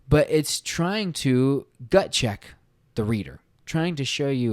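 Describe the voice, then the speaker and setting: An earnest man talks through a story in a relaxed, conversational book-review style. His voice sits at a middle pitch. The sound is dry and close, with no room echo. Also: measured pace, clear, resonant tone. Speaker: podcast host reviewing a book. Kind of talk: casual spoken book review.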